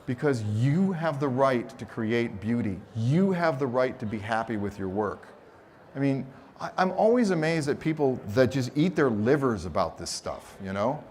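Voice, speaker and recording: A mid-range male voice, at a moderate pace with a slight hiss or hum in the background, carries an animated photography seminar delivered live on a conference stage. Expressive and playful, he acts out quotes while telling humorous, teasing stories.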